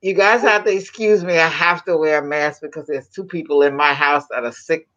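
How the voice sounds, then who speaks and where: A woman's voice: low voice, fairly even intonation, fairly quick, a bit bright, lo-fi sound. A woman from New York, a talk show guest, chatting casually and laughing over a video call. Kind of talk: casual interview chat.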